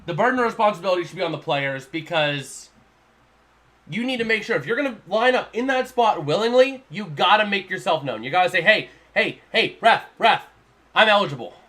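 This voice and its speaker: A man with a fairly high voice calls scores and plays as they come in on his live stream. He talks in a loose, rambling way, circling back to the same point again and again. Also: animated, a little fast, fairly bright tone. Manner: rambling, repeats himself, casual. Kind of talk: live play-by-play and analysis.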